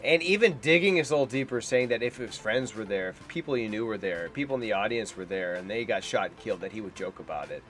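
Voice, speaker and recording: A man's voice: fairly low pitch, fast, hardly any pauses, fairly bright tone, soft background music. A man giving heated, scornful reaction commentary on a debate clip. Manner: indignant, heated and scornful, ranting. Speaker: political commentator.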